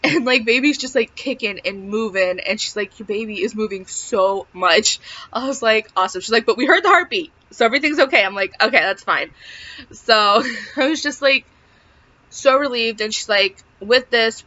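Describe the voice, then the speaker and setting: Chatty young woman vlogging, bright voice. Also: medium pitch. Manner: chatty, lots of "like" fillers. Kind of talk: casual storytelling. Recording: slightly dull lo-fi sound.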